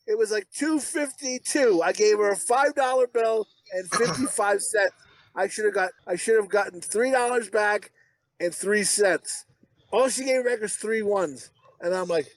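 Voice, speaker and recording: A podcast co-host with a high-sitting voice rants profanely through a story at a moderate pace, laughing often in casual chat. He has high blood pressure. The audio is poor, with no room sound.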